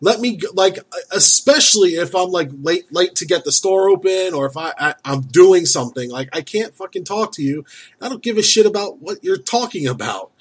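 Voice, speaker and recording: Husky man ranting about neighbors. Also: high voice, lively intonation, moderate pace. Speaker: store worker. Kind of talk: casual chat.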